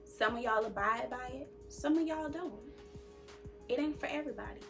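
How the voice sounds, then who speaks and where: A woman's voice: high voice, moderate pace, over music. A young woman hosting a casual advice chat, talking emphatically and repeating her points like a sermon. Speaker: host.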